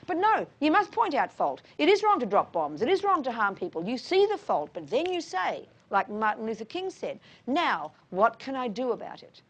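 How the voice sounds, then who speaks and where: A woman's voice: on the high side, huge pitch swings, fairly quick, hardly any pauses. A middle-aged woman giving an informal Buddhist talk, frank and emphatic, calling listeners darling and honey. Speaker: Buddhist teacher. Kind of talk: informal dharma talk answering questions.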